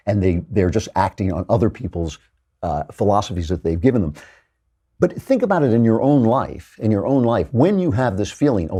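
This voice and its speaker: A man's voice: lowish voice, warm tone, slightly rough. A man hosting a commentary monologue, earnest and lecturing, with frequent restarts. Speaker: host.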